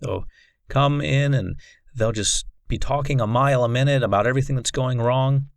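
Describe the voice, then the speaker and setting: A man giving a recorded course lecture on coaching, in a measured, instructive way. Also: medium pitch, gravelly, no echo. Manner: measured, instructive, deliberate delivery.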